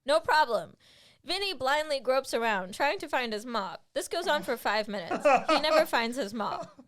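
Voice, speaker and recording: A young adult woman reading her own comedy script aloud in a deadpan narrating voice. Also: sits high, normal speed. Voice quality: deadpan narration broken by laughter.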